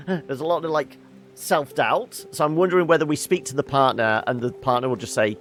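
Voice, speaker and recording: A man's voice: on the high side, lively intonation, brisk, soft background music. A man hosting a casual let's-play, thinking aloud about game puzzles as he plays. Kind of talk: casual gameplay commentary.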